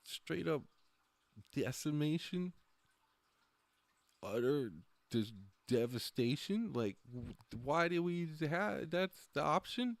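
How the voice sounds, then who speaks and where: A man's voice: a little high, very animated, slow pace, no echo. A man talking casually on a livestream, rambling, often trailing off and laughing between thoughts. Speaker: livestream host.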